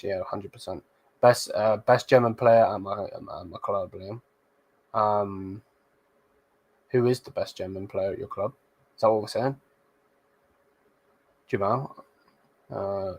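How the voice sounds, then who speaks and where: Blunt football host, lowish voice. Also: male voice. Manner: loose and blunt, sprinkled with slang and swearing. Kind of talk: casual live-stream chat reading viewer comments.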